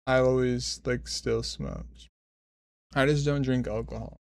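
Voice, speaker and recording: A man's voice: medium pitch, steady tone, unhurried, gravelly, no echo. A twenty-five-year-old man streaming, telling a long story in casual chat, rambling, swearing and correcting himself as he goes. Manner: rambling, profane, self-correcting.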